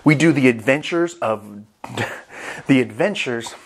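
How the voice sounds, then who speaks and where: A man reviewing a comic chapter in casual vlog commentary, rambling and excitable, swearing freely. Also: mid-range voice, slow, noisy background. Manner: rambling, excitable, with profanity and restarts.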